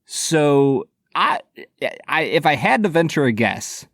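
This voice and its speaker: A man co-hosting a podcast in casual chat, teasing his partner and tossing in quick reactions. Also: fairly high pitch, sing-song, fairly bright tone, dry recording, clean studio sound. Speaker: podcast co-host.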